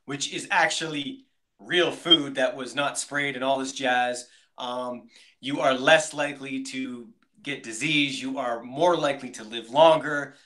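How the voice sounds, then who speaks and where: A man's voice: mid-range voice, fairly even intonation, unhurried, bright, forceful tone. A man co-hosting a casual podcast, upbeat and enthusiastic, talking straight to his listeners. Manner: upbeat, enthusiastic, addresses listeners as "beautiful people". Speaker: podcast co-host.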